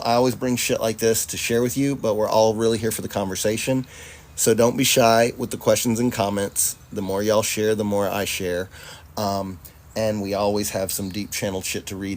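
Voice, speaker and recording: A man hosting a livestream, casually reading viewer comments aloud, laughing easily and swearing freely. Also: fairly low pitch. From Charlotte, North Carolina, US. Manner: laid-back, profane, laughs often, addresses audience as y'all. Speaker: livestream host.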